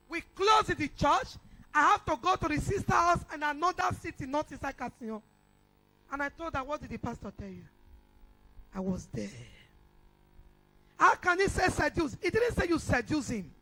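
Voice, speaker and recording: High, bright-voiced Nigerian woman preaching. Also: low-quality recording. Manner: animated storytelling, rising to shouts. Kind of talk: sermon testimony. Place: church.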